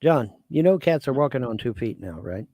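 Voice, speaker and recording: Animated man rambling, dry close sound. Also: mid-range voice, fairly quick, no echo. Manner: rambling, profane, laughing often. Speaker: streamer. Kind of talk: casual live stream chat.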